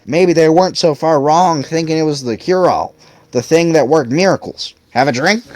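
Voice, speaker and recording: A man's voice: fairly high pitch, moderate pace, darkish tone, no echo, soft background music, pitched above the performer's own voice, close to an everyday voice. A man voicing a talkative bar patron who lectures in a chatty way.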